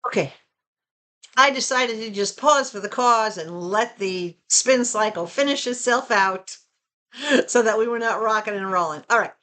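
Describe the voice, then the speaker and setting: A woman with a Southern American accent chatting casually and expressively to her viewers from home. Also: a little slow. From Southern United States. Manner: chatty and expressive, rising to animated pitch when excited. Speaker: vlogger. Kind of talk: casual chat.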